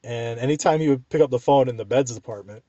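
A man telling a funny work story as a profane, exasperated rant, with animated delivery. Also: mid-range voice, quick pace, dry recording, lo-fi sound.

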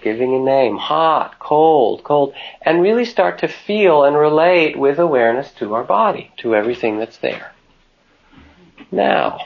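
A man giving a calm, unhurried meditation talk to a group, telling stories and asking the listeners questions. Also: fairly high pitch, gravelly. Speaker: meditation teacher. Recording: dull lo-fi talk recording.

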